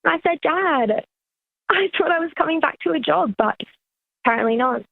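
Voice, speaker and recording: A woman's voice: high-pitched, animated, moderate pace, gravelly, dry recording. A woman calling in to a comedy show, chatty and friendly as she explains her story. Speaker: caller. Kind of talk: phone call to a radio show. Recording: tinny phone line.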